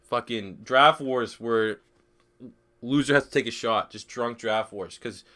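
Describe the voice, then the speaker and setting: A man's voice: mid-range voice, unhurried, pushed and bright. A young man live streaming a football video game, swearing freely, joking and reading chat questions aloud. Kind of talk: casual live stream commentary.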